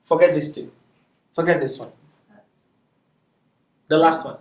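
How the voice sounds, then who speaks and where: A man's voice: fairly high pitch, fairly even intonation, unhurried, darkish tone. Patient male teacher in an echoey classroom. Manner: patient, often asks "is that okay?". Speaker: Arabic teacher. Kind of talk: classroom lecture.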